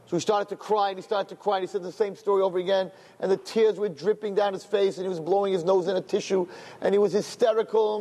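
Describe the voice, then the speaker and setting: A man teaching a class as a rabbi, telling a story in an animated, repetitive storytelling manner. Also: high voice, fast. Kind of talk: storytelling lecture. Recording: long hall reverb.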